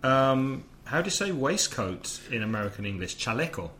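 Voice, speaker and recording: Podcast teacher guy, middle pitch, chill explaining, slips in translations. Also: big pitch swings, moderate pace, bright, forceful tone, a little hiss or hum. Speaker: podcast host and English teacher.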